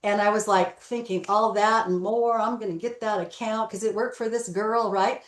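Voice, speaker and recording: A woman's voice: mid-range voice, normal speed. Woman broker telling a story, acts out the voices, room's kinda echoey. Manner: animated storyteller, acts out dialogue. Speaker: guest, real estate broker. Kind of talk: storytelling interview.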